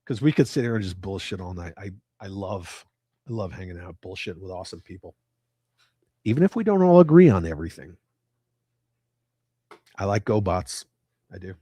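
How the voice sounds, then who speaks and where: A man's voice: sits low, lively intonation, normal speed, long pauses, dark tone, husky, no echo, studio quality. A man hosting a livestream, joking around and swearing freely while chatting with viewers from home. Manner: profane, joking banter. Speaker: livestream host. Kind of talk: casual chat with live viewers. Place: at home with his cats.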